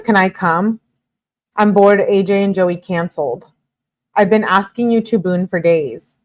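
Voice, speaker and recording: A woman hosting a true-crime commentary, reading text messages aloud in a plain delivery and breaking off now and then into exasperated asides. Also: mid-range voice.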